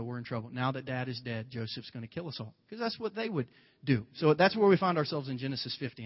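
A male pastor giving a conversational, animated sermon, retelling a Bible story with playful asides. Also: mid-range voice, long reverb tail, lo-fi sound.

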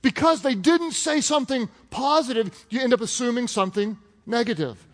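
A high-voiced man preaching to a congregation, casual and joking as he works through the text. His voice rings out with the long reverb of a large hall. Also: moderate pace. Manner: animated, joking and conversational. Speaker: pastor. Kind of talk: sermon.

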